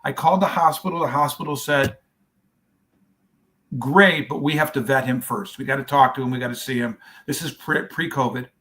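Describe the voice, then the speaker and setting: Man, charity founder, storyteller, acts out dialogue, mid pitch. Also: fairly even intonation, normal speed, bright, forceful tone. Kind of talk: telling a story in a podcast interview.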